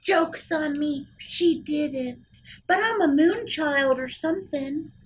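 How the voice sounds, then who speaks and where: A woman's voice: sits high, slow pace, slight background noise, rough recording. A woman voicing a bubbly young female gnome from a swamp who chatters and rambles. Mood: chatty.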